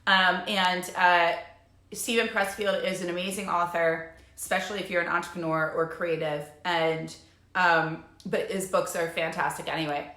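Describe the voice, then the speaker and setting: A woman's voice: on the low side, fairly even intonation, normal speed, bright, forceful tone. Bubbly, chatty woman in an echoey room. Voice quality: bubbly, chatty, many fillers. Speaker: life coach. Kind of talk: casual live-stream talk.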